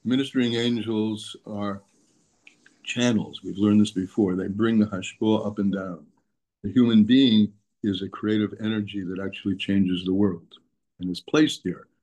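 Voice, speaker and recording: Man, low voice, daily text lesson, explanatory, repeats and restates terms. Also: steady tone, moderate pace, darkish tone. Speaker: Torah teacher.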